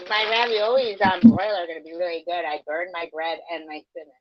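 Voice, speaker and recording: A woman's voice: fairly low pitch, fairly even intonation, a little fast, a loud crowd. A woman with a mid-range voice trades crude, blunt jokes on a casual livestream. Her audio comes through slightly dull and lo-fi. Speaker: livestream co-host. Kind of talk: casual late-night banter.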